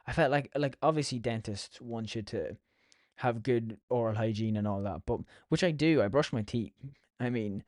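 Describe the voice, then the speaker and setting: A man's voice: medium pitch, moderate pace, a little mellow, no echo, studio quality. Sweary Irish man rambling casually. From Ireland. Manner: sweary, chatty storytelling. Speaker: podcast host.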